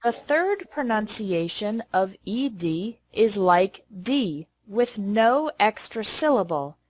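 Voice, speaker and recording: A woman leads a pronunciation lesson at a slow, careful pace. She says each model word clearly and deliberately. Her voice sits at a middle pitch. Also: sing-song, no room sound. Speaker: English pronunciation teacher.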